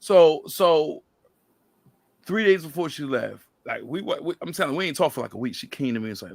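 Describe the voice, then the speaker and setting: A man hosting a podcast, chatting casually and telling animated stories where he acts out other people's lines. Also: on the high side, a little fast, creaky, no room sound. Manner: animated storyteller, quotes people in lively voices. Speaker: podcast host. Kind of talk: casual chat.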